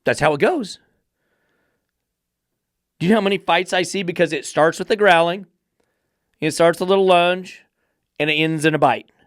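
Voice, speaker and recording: Male podcast host, dog trainer. Fired-up, sarcastic rant, slightly high voice, dry sound. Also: normal speed, pauses often, no echo. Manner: swears freely.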